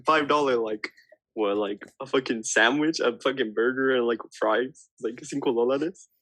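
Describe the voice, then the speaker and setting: Chill young guy cohosting, mid pitch, dry sound with no room echo, laughs a lot. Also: moderate pace, fairly bright tone. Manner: laid-back, laughing, loose slang and swearing. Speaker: podcast co-host. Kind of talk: casual chat.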